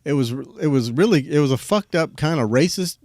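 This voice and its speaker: A man's voice: on the high side, animated, a little fast, a little mellow, no echo. A man hosting a podcast in casual conversation, rambling with lots of fillers and restarts and laughing often. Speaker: podcast host. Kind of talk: casual interview chat.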